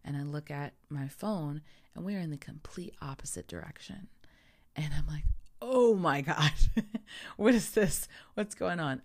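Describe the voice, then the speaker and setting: Low, gravelly woman telling a story. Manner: animated, acts out her own panic in quoted asides. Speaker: photographer telling a travel story. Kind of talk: casual storytelling.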